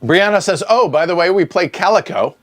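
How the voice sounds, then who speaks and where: A man's voice: high voice, lively intonation, brisk, a bit bright. A man hosting a livestream Q&A, reading viewer questions from the chat aloud and answering them with joking asides. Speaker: board game show host. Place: home streaming room.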